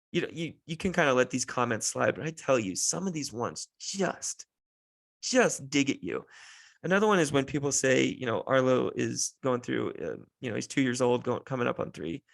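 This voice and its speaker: A man's voice: medium pitch, vocal fry, fairly bright tone, no echo. A tired man hosting a solo podcast, telling stories about parenting in an exasperated, sarcastic way. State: tired, run down. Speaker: podcast host and father.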